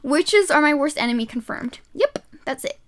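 A woman streaming a game live, excitable and yelling her reactions, her throat sore from shouting. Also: high voice, normal speed.

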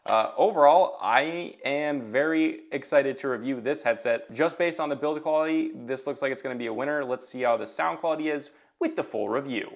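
Guy doing a tech review, pumped about the gear, regular mid pitch. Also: a little fast, few pauses. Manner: enthusiastic, thinking aloud while handling the product. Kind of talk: unboxing and product review; scripted review narration.

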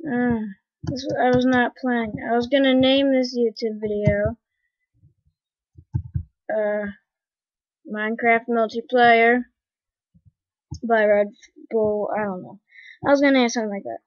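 A high-pitched woman talks through her game at an unhurried pace, complaining dramatically and breaking into panicked screams. The sound is dry and dull, like a lo-fi home recording. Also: little pitch movement, no echo. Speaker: gamer. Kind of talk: gameplay commentary.

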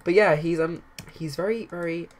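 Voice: medium pitch, moderate pace. A casual let's-play commentator who rambles through gameplay with many fillers and restarts, hiccuping now and then.

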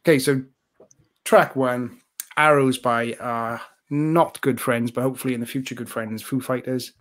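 A man's voice: mid-range voice, steady tone, normal speed, fairly bright tone. A man co-hosting a podcast, bantering in a jokey, rambling way. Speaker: podcast co-host. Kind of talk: casual banter.

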